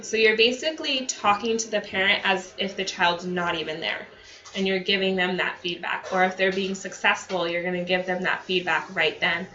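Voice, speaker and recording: A woman training therapists in a relaxed, conversational way, full of fillers and acted-out examples. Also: medium pitch, moderate pace. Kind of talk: staff training talk. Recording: dull lo-fi audio.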